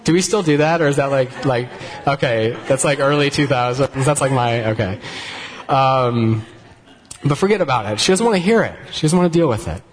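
A man preaching a sermon in a conversational, gently humorous way, often restarting his sentences. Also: medium pitch, normal speed. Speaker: pastor. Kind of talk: sermon with live demonstration.

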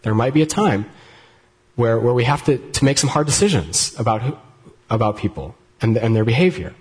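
A man preaching a sermon in a conversational, gently humorous way, often restarting his sentences. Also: medium pitch, animated, fairly quick. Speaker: pastor. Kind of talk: sermon with live demonstration.

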